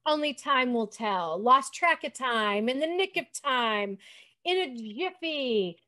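Higher-voiced chatty woman co-host. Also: a bit bright. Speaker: co-host, historian. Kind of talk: casual chat.

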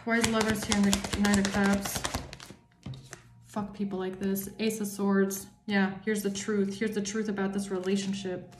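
A woman's voice: mid-range voice, flat delivery, normal speed, roomy sound, a little hiss or hum. Angry swearing woman reading tarot. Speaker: tarot reader.

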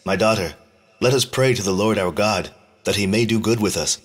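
Abraham, an old patriarch, speaks in calm, measured archaic speech, read by a man. His voice is low with a husky edge. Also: natural voice. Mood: earnest.

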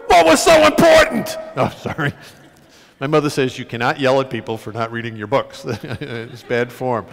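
A middle-aged man, an author, speaking to an audience, reading and telling stories in an animated, self-mocking way, full of restarts. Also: mid-range voice. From United States. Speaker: author giving a talk. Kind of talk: public reading and storytelling talk. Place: large concert hall. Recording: long reverb of a concert hall.

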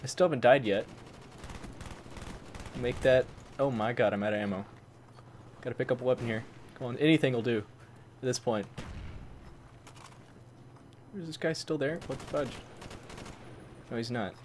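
A man doing excitable gameplay commentary, who swaps swear words for mild ones like "fudge" and breaks into loud, high-pitched outbursts. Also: moderate pace, pauses often. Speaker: gaming channel host. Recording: faint game noise behind. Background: gunfire from the game.

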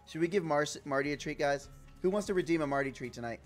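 A man live-streaming a game, talking casually with his chat in a loud, profane, playful way. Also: on the high side, fast talker, faint music behind. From Puerto Rico.

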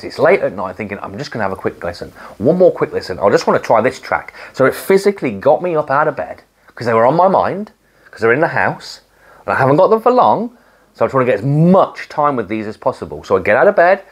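Gushing, husky hi-fi vlogger. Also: mid-range voice. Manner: excitable, gushing, with many restarts and trailing phrases; mimics sounds and drops to a hushed voice. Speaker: hi-fi reviewer, channel host. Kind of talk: casual to-camera review.

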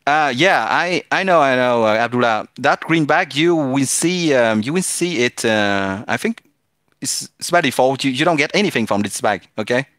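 A man's voice: mid-range voice, lively intonation, normal speed, fairly bright tone, no echo. A man chatting casually with viewers during a live game stream, hesitant and full of restarts. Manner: hesitant, restarts often, switches between French and English.

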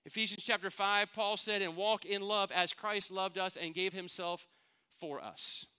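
A man's voice: high-pitched, steady tone, moderate pace, pushed and bright, clean tone. A middle-aged man, a pastor, preaching a sermon in an earnest, conversational way, asking his listeners questions.

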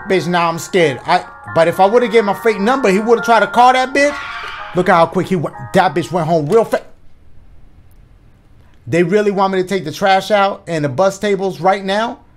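A male gaming YouTuber doing loud, profane, excitable let's play commentary full of slangy banter. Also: high-pitched.

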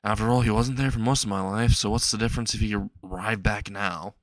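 High frantic young hero voiced by a man, weepy, dry close mic. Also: steady tone, brisk, no echo, lightly acted. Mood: gloomy. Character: panicky young male hero, often crying.

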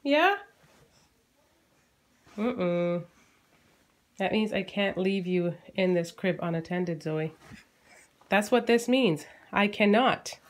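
A woman in her thirties from Canada, a homeschooling mom chatting casually to her vlog audience and talking playfully to her baby. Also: a little slow. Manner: chatty, playful, talks to her baby in a high sing-song voice.

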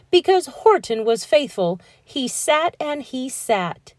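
A woman reading a children's rhyming storybook aloud in a lively, expressive, rhythmic way. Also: sits high, takes it slowly, hardly any pauses, dry recording, studio quality. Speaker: children's book reader.

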